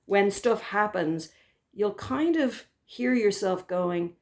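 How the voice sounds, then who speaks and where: A woman therapist, speaking in a gentle, reflective way, with soft pauses and the odd restart. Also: mid-range voice, expressive. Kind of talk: reflective spoken talk to camera.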